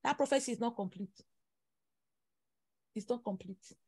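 Emphatic high-voiced woman preaching. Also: moderate pace, a little mellow, slightly rough, dry recording. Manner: emphatic, repetitive, dramatic exclamations. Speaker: prophetess leading prayer. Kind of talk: prophetic sermon over prayer call.

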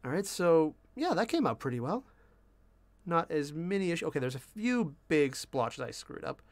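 A man talking casually to viewers as he paints miniatures, relaxed and self-deprecating, muttering to himself about small mistakes. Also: on the high side, moderate pace, no echo. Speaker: miniature painting channel host.

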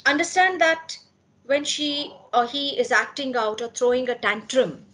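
A woman's voice: sits high, measured pace, fairly bright tone. A woman giving a talk on parenting to parents at a school meeting, earnest and asking questions to answer them herself.

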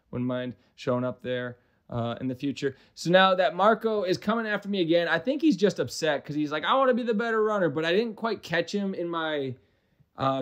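Rambling self-mocking man from the Midwest. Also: on the high side. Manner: rambling, self-deprecating, profane asides. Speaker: gaming commentator. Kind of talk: casual game commentary.

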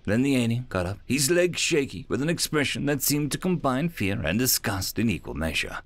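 A man narrating a story in an animated, scripted way. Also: mid-range voice, fairly quick, hardly any pauses, no room sound, soft background music.

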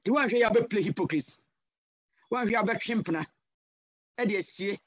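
Impassioned Ghanaian preacher, dry sound. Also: male voice, sits high, moderate pace, no echo. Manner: impassioned, switching between English and Twi, rising to loud cries. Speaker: guest pastor. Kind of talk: sermon. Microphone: video call.

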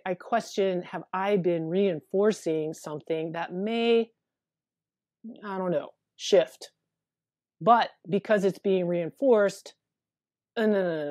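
A woman therapist in a casual interview, talking haltingly and repeating words as she thinks aloud. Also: fairly low pitch, darkish tone, dry recording, clean studio sound. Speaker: therapist guest.

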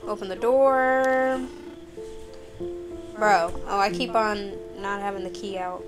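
Jittery gamer woman, unhurried. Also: medium pitch, steady tone, over music. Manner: jittery, chatty, talks to viewers as y'all. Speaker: gamer playing a horror game. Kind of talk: let's play commentary.

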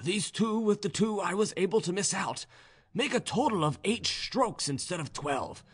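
A man putting on a crafty serf with a sly, wheedling tone, pitched noticeably higher than a plain reading voice. The audiobook figure smooths things over with an ingratiating lilt. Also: lively intonation, moderate pace, a bit bright, heavily acted. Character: crafty male serf flogger, sly and soothing.

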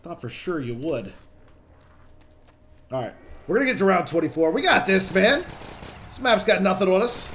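A young man casually commenting on his own gameplay as a channel host, chatty and excitable, swearing when things get tense. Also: sits high, moderate pace, pauses often, a little hiss or hum.

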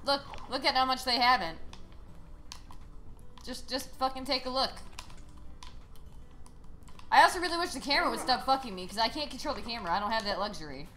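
High bright gamer girl streaming, cussing a lot, yelling when she loses, sarcastic rants. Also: expressive, a little fast, long pauses. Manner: frustrated, swearing, loud outbursts; sarcastic ranting. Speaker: game streamer. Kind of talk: live gameplay commentary.

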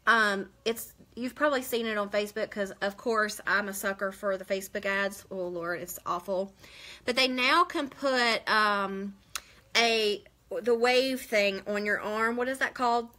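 A woman hosting a beauty live stream speaks at a measured pace in a medium-pitched voice that sounds pushed and bright. Her chat is loose and rambling as she replies to viewer comments.

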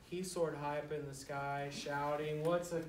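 A woman, a children's author, reads a rhyming picture book aloud to young children in a school, playful and animated, with joking asides to the kids. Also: low-pitched, a little slow, very noisy. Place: school room full of first graders. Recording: echoey room, distant mic, loud children. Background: children chattering and laughing.

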